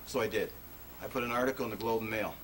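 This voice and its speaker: Fast-talking and lowish in voice, a man keeps a fairly even intonation as he shares his own story with an audience at a presentation venue. His delivery is impassioned, emphatic, and conversational, broken by sudden rises. It's from a 1980s video, recorded on a distant mic with faint noise.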